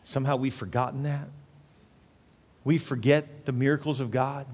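A pastor preaching a sermon, moving from hushed, intimate prayer to loud, impassioned exhortation. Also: male voice, mid-range voice, level tone, normal speed.

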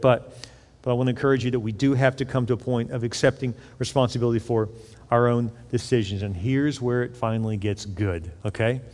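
Man, middle-aged pastor, conversational sermon, acts out quoted voices, reverberant hall. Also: a little high.

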